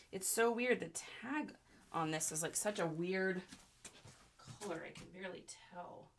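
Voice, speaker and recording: A woman's voice: fairly low pitch, gravelly, a bit bright, slight background noise. A young woman hosting a casual reseller livestream, chatting in a bubbly way with lots of fillers and laughs.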